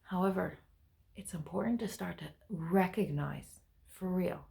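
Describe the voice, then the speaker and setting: Low gravelly woman giving motivational talk. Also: measured pace. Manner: earnest and animated, with frequent sighs and self-corrections. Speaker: host of a motivational video series. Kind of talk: casual motivational talk to camera.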